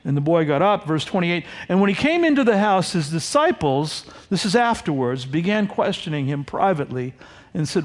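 With a fairly high voice at normal speed, a man delivers a verse-by-verse sermon, bringing quoted lines to life with animated acting. The recording carries a long hall reverb.

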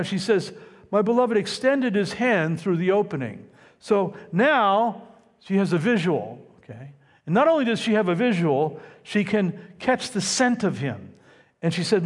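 Animated high-voiced man preaching in a hall. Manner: animated, conversational teaching with asides. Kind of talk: sermon. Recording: long hall reverb.

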